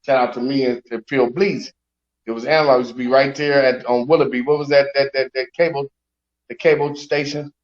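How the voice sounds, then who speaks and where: A man's voice: mid-range voice, brisk. A man hosting a casual chat, telling stories in street slang and acting out the people he quotes. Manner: animated storyteller, raunchy slang, acts out quotes. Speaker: show host. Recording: slightly dull lo-fi recording.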